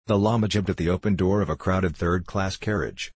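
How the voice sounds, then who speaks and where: A man reading a novel aloud as an audiobook narrator, in a measured, even storytelling manner. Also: low voice, breathy edge, dry recording. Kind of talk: scripted narration.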